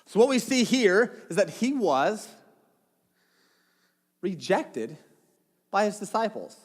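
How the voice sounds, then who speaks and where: Lively casual pastor in a reverberant hall. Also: male voice, high voice, takes it slowly, husky. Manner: casual, joking asides with dramatic retellings. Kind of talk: sermon.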